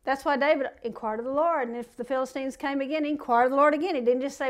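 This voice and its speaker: A woman's voice: sits high, fairly even intonation, fast. A woman preaching a sermon, reading scripture aloud and breaking off into folksy, plain-spoken asides.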